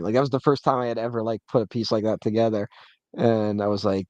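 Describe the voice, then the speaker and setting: A young man co-hosting a movie podcast, rambling and animated as he tells stories. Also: lowish voice, quick pace, no room sound, highs cut off. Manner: rambling, animated storytelling with laughs. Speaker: podcast co-host. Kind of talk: casual movie commentary chat.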